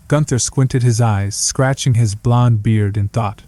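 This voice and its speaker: A man narrating a scripted horror story in a measured, steady reading. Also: mid-range voice, no room sound.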